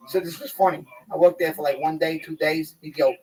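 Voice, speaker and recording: A middle-aged man telling loud, profane anecdotes in casual chat, acting out the people in his stories. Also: high-pitched, brisk, few pauses, poor audio. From New York. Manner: animated, swearing, acts out people in stories. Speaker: guest storyteller.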